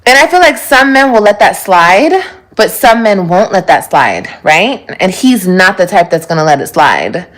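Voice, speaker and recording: A woman's voice: medium pitch, big pitch swings, normal speed, a bit bright. Candid, rambling young woman vlogger. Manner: candid, profane, rambling with laughs. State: pregnant. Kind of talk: casual confessional vlog.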